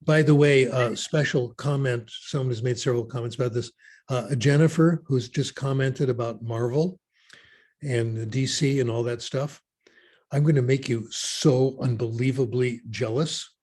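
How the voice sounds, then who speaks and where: A man giving a keynote talk and answering audience questions in an opinionated, animated way with wry asides. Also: medium pitch, normal speed. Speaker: keynote speaker.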